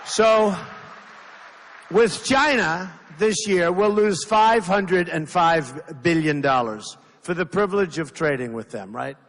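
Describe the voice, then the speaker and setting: A man's voice: sits high, animated, slow, a bit bright. A man in his sixties giving an off-the-cuff campaign rally speech, emphatic and repetitive, interrupted by hecklers. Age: 60s. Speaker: political candidate speaking at a rally. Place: large indoor rally venue. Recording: reverberant hall with faint crowd noise.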